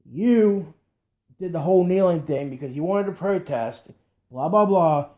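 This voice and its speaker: A man's voice: sits high, expressive, a little slow, warm tone. A man co-hosting a talk show, chatting casually and cursing as he gripes. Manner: profane, joins in the griping. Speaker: podcast co-host. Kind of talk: casual chat.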